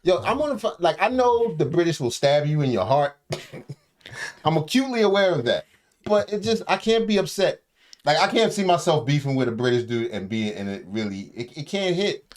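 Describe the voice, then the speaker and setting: A man's voice: on the high side, moderate pace. A man hosting a podcast, chatting casually in slang and joking about a viral clip. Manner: laid-back slang, joking, animated. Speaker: podcast host. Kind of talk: casual chat.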